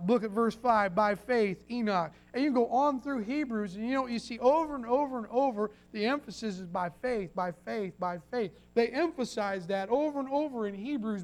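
A preacher man with a high-pitched voice delivers a folksy sermon. He slips into little acted quotes and restarts his sentences often as he talks to his congregation. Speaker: pastor.

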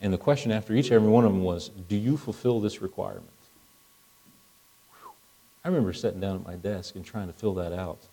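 A man's voice: deep voice, rapid-fire, hardly any pauses, mellow, poor audio. A middle-aged man preaching a sermon in a conversational way, acting out dialogue as he goes.

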